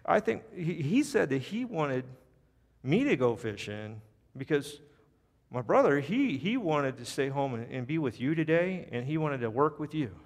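A man's voice: on the high side, big pitch swings, moderate pace. A man voicing a sly little girl who stammers out an excuse, in a reverberant church. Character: sly tattling little sister. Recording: long church reverb, faint music.

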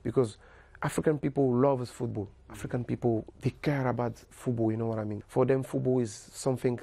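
Soft-spoken man with gravelly voice. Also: mid-range voice, steady tone, no room sound. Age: 30s. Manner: halting, repeats words, many "you know". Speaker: guest footballer. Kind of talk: casual interview chat.

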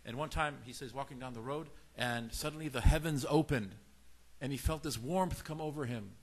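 In a sermon-like lecture about faith, a male religious teacher, a native Farsi speaker, tells lively stories and performs the dialogue of the people in them with changing voices. He speaks in a mid-range voice at a moderate pace.

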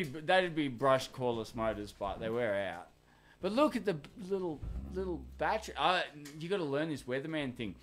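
A man's voice: on the high side, animated, moderate pace, a bit bright. An Australian man hosting a casual live studio session, rambling and joking, swearing freely. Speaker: host. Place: recording studio.

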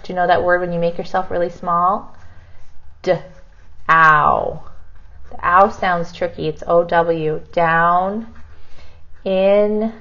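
A woman teaching kindergarten writing, talking very slowly and stretching words out sound by sound as she writes them. Her voice sits a little low and comes through a dull, lo-fi recording. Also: gravelly, fairly bright tone. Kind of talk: kindergarten writing lesson, thinking aloud.

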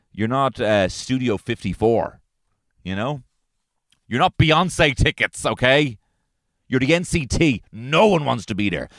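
A man's voice: mid-range voice, dry recording. A man with an Irish accent hosting a solo comedy podcast from inside his car, ranting in an exasperated, profane way. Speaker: podcast host.

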